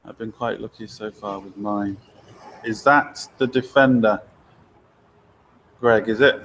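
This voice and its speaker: A man's voice: mid-range voice, measured pace, pauses often, pushed and bright, a little hiss or hum. A man, a garage owner chatting casually on a live stream, answering viewer questions with easygoing, blunt opinions and frequent laughs. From Lincoln, England.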